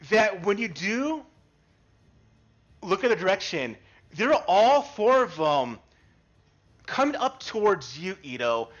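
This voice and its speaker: Male game master, high animated voice, rambling narration, dull lo-fi audio. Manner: rambling, restarts often, asks players what they do.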